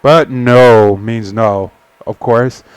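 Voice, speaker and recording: A man's voice: mid-range voice, fairly even intonation, extremely slow, clean tone, no room sound. A young man casually reading a visual novel aloud on a stream, with profane asides. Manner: casual, swearing, laughing asides.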